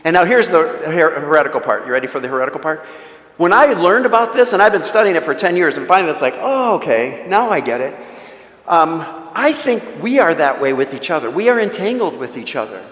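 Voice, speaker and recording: A man's voice: fairly high pitch, very animated, quick pace, fairly bright tone. A man giving a conversational talk at a parish mission, telling stories and making joking asides to the audience. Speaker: guest speaker at a parish mission. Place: church. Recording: echoey church with long reverb.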